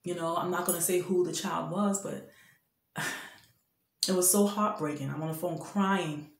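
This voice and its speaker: A woman's voice: lowish voice, steady tone, a little slow, gravelly. Preachy fifties woman, echoey room. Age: 50s. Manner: preachy, emphatic, addresses men directly. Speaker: vlogger giving faith-based advice. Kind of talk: impassioned spoken exhortation.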